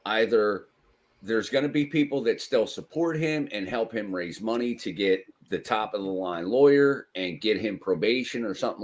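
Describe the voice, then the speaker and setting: A man on a stream panel, plain-spoken as he speculates in a casual chat on a video call. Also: on the low side.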